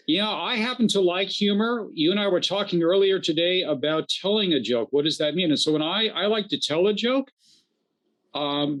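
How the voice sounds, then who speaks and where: Reflective male rabbi, slightly high voice. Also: fairly bright tone. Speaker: rabbi, co-host. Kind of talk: casual conversation.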